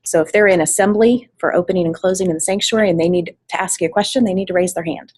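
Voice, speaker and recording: A woman's voice: lowish voice, fast talker, darkish tone, slightly rough, low-quality recording. A woman coordinating volunteers, giving a practical training talk with frequent fillers, speaking to a room and an online meeting. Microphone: online meeting mic, at varying distance.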